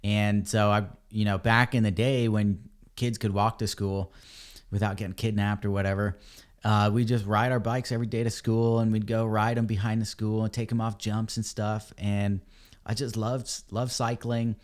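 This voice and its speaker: A man, a podcast guest, telling a story in a casual, animated way and calling people dude and man. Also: on the low side, normal speed. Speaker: podcast guest, ebike company cofounder.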